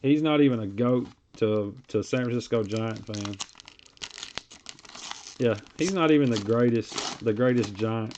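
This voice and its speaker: A man's voice: mid-range voice, measured pace, darkish tone, a little hiss or hum. Man chatting while opening cards. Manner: rambling, reads card names aloud between stories. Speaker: card break host. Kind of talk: casual live-stream chat while opening card packs. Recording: dull lo-fi stream audio.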